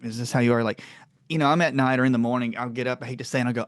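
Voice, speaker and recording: A man from the American South hosting a podcast, chatting in a rambling, animated way and laughing often. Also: fast, no room sound, clean studio sound. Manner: animated, rambling, laughs often, jumps up in pitch when telling stories. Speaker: podcast host. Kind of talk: casual chat.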